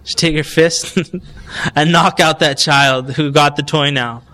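A man's voice: on the high side, fairly even intonation, measured pace, bright, forceful tone. A man giving a recorded Islamic lecture on parenting, talking conversationally and putting questions to his audience.

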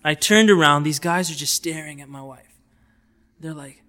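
Man lecturing in a lively, chatty way, with a crisp, bright tone sitting a little above the usual pitch. He slips into short acted exchanges to illustrate his points, then goes back to explaining with fillers and asides. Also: fairly quick. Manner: animated, acts out little dialogues. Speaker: lecturer on outreach techniques. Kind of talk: informal lecture.

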